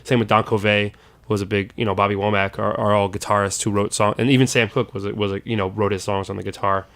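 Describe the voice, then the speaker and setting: A man's voice: on the low side, level tone, fast. A man, a guest soul musician, chatting casually in an interview, rambling and restarting his sentences. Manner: rambling, restarts and repeats words. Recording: loud guitar music under the voice. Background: loud guitar music.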